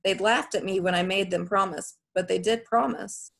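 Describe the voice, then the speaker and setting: Gravelly-voiced woman narrating a novel. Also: mid-range voice, fairly even intonation, moderate pace. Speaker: audiobook narrator. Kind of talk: first-person storybook narration.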